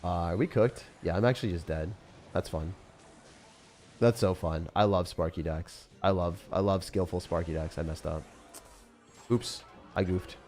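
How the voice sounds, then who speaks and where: A man's voice: low-pitched, normal speed, a little mellow. A young man giving loose, jokey live commentary on his gameplay as a streamer, full of slang and sudden outbursts. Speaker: gaming streamer.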